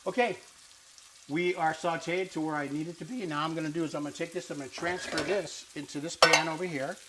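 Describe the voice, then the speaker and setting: Over a noisy background, a man speaks quickly in a slightly high, steady tone as he hosts a cooking show. Cooking at the island and stovetop of his kitchen, he keeps the demonstration casual, playful, and sprinkled with Italian vocabulary lessons.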